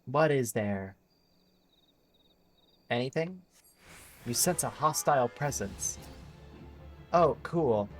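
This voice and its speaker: A man's voice: mid-range voice, animated, slow, pauses often. Guy streaming a game, rambly, says like a lot, faint music under him. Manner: rambling, filler-heavy, thinking aloud. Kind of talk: casual gameplay commentary.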